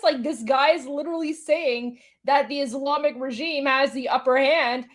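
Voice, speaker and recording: A woman's voice: sits high, fairly even intonation, moderate pace, hardly any pauses. A woman hosting a live commentary show, reacting to a clip with incredulous, exasperated asides. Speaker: host.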